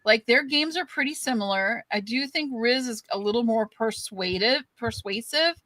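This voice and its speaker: A woman's voice: fairly high pitch, normal speed, a bit bright, no room sound. A woman co-hosting a casual show, spelling out her opinions step by step. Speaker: co-host. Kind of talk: casual podcast chat.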